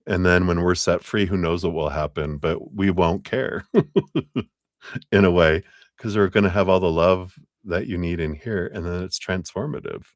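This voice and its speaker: A man with a very low voice reads tarot cards live for a client. He talks gently and loosely, drifting through his thoughts with plenty of fillers. The sound is dry, with no room echo. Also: a little slow. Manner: casual, rambling, gentle, full of fillers. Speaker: tarot reader.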